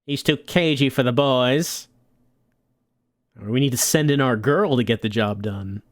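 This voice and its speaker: A man's voice: medium pitch, a little slow, dry recording, voice pushed down, close to an everyday voice. Brief: man doing a swaggering mob boss in a crime game, clipped slang, dry close mic. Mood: brash. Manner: tough-guy slang, clipped. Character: cocky young male mob boss, brash and smooth.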